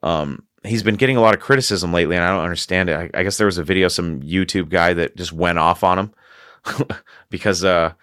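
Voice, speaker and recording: A man's voice: deep voice, fairly quick, a bit bright, smooth, no room sound, studio quality. A man hosting a casual podcast, telling a long story in a rambling way and laughing often. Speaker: podcast host.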